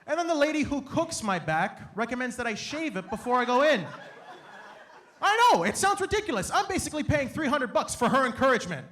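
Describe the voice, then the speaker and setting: A young man from Canada doing an animated, playful stand-up comedy set on a stage, acting out his family in quick bits. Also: very high-pitched, a little hiss or hum. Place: comedy stage before a live audience.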